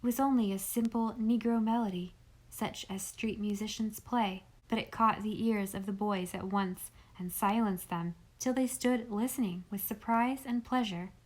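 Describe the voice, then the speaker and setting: Woman reading an old novel aloud, gentle and even, audiobook. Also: mid-range voice, moderate pace. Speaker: audiobook narrator. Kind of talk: scripted narration.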